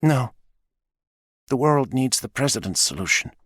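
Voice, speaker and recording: A male audiobook reader voicing a calm, philosophical female robot that speaks slowly and deliberately. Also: medium pitch, slightly rough, no echo, studio quality, voice pushed up. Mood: weary, resigned. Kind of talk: audiobook character voice.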